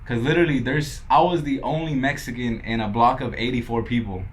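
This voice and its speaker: A man's voice: medium pitch, a little fast, slight background noise. A young man from Los Angeles, a podcast guest who tells his story casually, swearing often and acting out what others said. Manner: laid-back, swears a lot, quotes others in dialogue.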